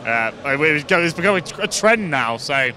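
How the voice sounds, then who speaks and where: A resigned male England fan talking haltingly and swearing outdoors. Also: on the high side, very animated, sharp tone, a little hiss or hum. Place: outdoors outside a stadium.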